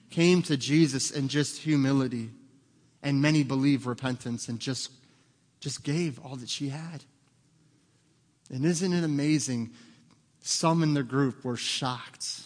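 Male pastor, mid-pitched, earnest sermon delivery, long reverb from the hall. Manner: earnest, rhetorical questions, acts out quoted voices.

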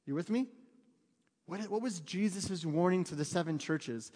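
Fairly quick and animated, this high-pitched pastor in his thirties mixes jokes with fervent emphasis in a conversational sermon. He's recorded in a church sanctuary, where the hall's reverb lingers long.

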